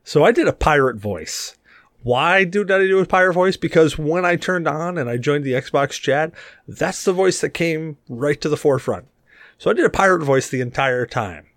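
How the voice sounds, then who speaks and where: A man co-hosting a gaming podcast in casual chat, animated and joking. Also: dry recording, studio quality. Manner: animated, joking, quick swings in pitch. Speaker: podcast co-host.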